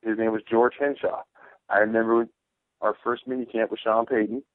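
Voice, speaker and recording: A man, a former football player, telling stories in a casual podcast chat, lively and repeating words as he gets going. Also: on the low side, normal speed, no echo. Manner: animated storyteller, repeats words when starting sentences. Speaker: former football fullback guest. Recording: tinny phone-line sound, dry.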